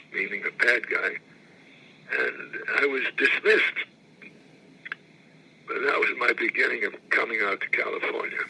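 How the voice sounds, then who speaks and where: A man in his eighties, an actor, rambling through anecdotes in an interview, often repeating phrases and clearing his throat. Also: mid-range voice, a little slow, pauses often, pushed and bright, rough recording. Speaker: actor recalling his career.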